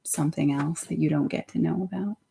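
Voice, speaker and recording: A woman's voice: deep voice, fairly even intonation, brisk, vocal fry, very noisy. A woman vlogger talking in a casual, meandering way, giggling often between phrases. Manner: meandering, with many fillers and restarts. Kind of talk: casual rambling monologue.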